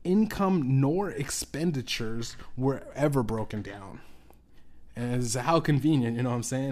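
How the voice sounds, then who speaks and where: A man's voice: mid-range voice, animated, measured pace, a little mellow. A man hosting his own podcast, talking in a loose, rambling monologue full of restarts and swearing. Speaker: podcast host.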